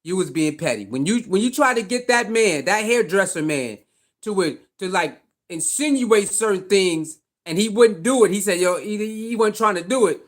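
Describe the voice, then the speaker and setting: High-voiced man in loose commentary. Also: lively intonation, normal speed. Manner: loose, conversational, talks back to the clip. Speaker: commentary host. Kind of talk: casual commentary on a played clip.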